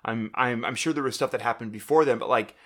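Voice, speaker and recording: A man's voice: medium pitch, fast, a bit bright. A young man co-hosting a casual chat, rambling and joking with lots of fillers and restarts. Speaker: podcast co-host.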